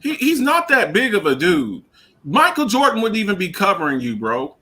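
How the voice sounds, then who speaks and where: A man on a talk radio show rants about sports in a casual, emphatic way. His voice sits high and swings widely, with a bright edge. He stumbles over repeated words and laughs as he goes. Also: moderate pace. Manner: animated, emphatic, repeats himself, laughs often.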